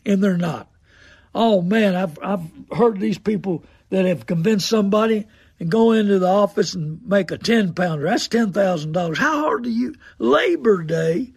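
A man's voice: high-pitched, vocal fry, a little mellow, breathy edge, dry recording, studio quality. An older man, talking as a radio host in a folksy, preachy monologue that repeats phrases for emphasis. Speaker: radio host and car dealer.

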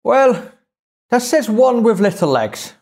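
A man's voice: extremely high pitch, very animated, takes it slowly, darkish tone, pitched above the performer's own voice, heavily acted. A man putting on an Irish accent to voice a dry-witted middle-aged Irish shopkeeper in a told anecdote. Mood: teasing.

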